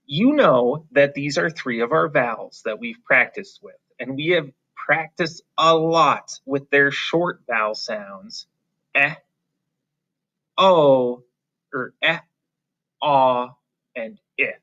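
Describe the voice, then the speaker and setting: A man teaching a phonics lesson to young children, patient and encouraging, drawing out letter sounds slowly and clearly. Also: mid-range voice, lively intonation, sharp tone. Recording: slightly dull, lo-fi.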